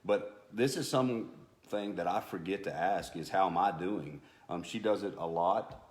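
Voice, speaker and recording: A man co-teaching a talk on marriage from the stage, halting and self-deprecating, with many restarts. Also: sits low. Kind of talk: sermon-style couple talk. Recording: echoey room.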